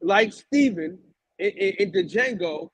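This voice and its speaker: A man's voice: sits high, expressive, a little slow, slightly rough, no room sound. A man co-hosting a boxing talk show, arguing heatedly, repeating himself and talking over the others with plenty of swearing. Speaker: podcast co-host. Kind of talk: heated casual argument.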